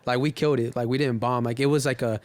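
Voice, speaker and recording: Man, podcast guest, from the Inland Empire, casual slangy storytelling, mid pitch, dry sound. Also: steady tone, fast talker, no room sound. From Inland Empire, California. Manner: loose storytelling with swearing and slang. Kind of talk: casual chat.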